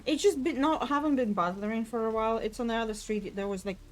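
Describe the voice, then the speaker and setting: A woman's voice: fairly high pitch, quick pace, slight background noise. A young adult woman streamer in casual, giggly gameplay chat. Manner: giggly, chatty.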